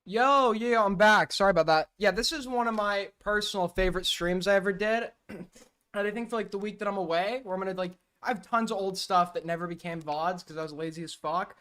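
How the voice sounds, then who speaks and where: A man's voice: sits high, a little fast, a bit bright, smooth, no echo. A man streaming, giving casual amused commentary on a roleplay clip, laughing and rambling with fillers. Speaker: streamer reacting to clips.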